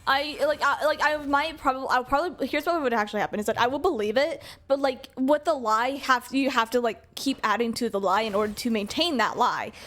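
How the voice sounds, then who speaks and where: High-voiced chatty young woman streamer. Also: a little fast, hardly any pauses, fairly bright tone. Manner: chatty, rambling, frequent fillers. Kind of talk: casual chat while gaming.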